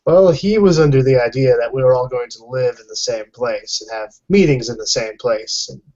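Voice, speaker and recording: A laid-back man chats offhandedly while playing a tabletop game, at a middle pitch. The audio is slightly muffled, like an online call. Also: moderate pace, darkish tone. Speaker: player. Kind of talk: casual tabletop game chat.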